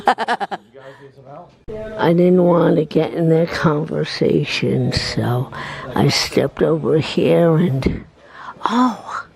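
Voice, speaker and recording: A woman's voice: low voice, extremely slow, gravelly, long pauses, a little mellow, poor audio. A woman chatting casually as she walks through a record shop, recording a vlog on a handheld phone, rambling and laughing easily. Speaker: vlogger and DJ. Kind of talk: casual walking-tour vlog. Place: record shop, indoors, walking around.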